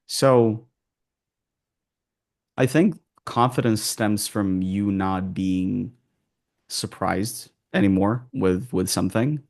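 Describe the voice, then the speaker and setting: A low-voiced man giving advice as an accent coach in an interview. His voice is gravelly and sits on the low side. He speaks in a calm, measured way and often pauses and restarts his phrases. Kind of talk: interview answers.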